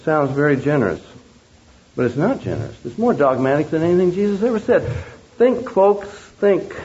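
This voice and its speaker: A man's voice: a little high, sing-song, moderate pace, darkish tone. A man preaching a sermon, emphatic and full of rhetorical questions to the audience. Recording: dull lo-fi recording.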